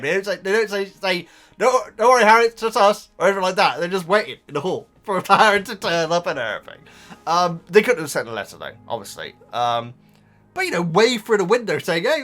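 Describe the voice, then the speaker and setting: A man's voice: high-pitched, sing-song, fast talker, a bit bright. A man rambling casually to his viewers about a book, with lots of restarts and asides. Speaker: vlogger reacting to a book.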